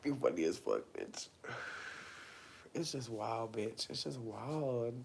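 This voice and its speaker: A man in his thirties chatting casually on a livestream, slangy and profane, swinging from loud bursts to low murmurs. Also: big pitch swings, slow pace, gravelly, slight background noise.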